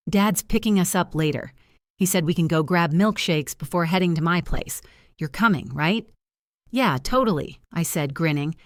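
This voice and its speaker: A woman's voice: lowish voice, no room sound, studio quality. A woman narrating a first-person revenge story in an earnest, dramatic scripted style.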